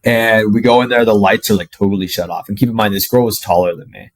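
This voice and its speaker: A young man telling a personal story to camera in a casual, animated way, full of "like" and the odd swear word. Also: lowish voice, fast, no echo, poor audio. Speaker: dating coach.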